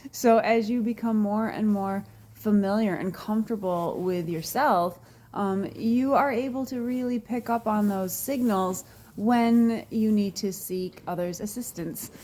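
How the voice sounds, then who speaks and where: A woman hosting a wellness talk, speaking earnestly and emotionally about a personal experience, with sighs and pauses between thoughts. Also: medium pitch, warm tone. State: near tears. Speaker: wellness show host. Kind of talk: personal reflective talk to viewers.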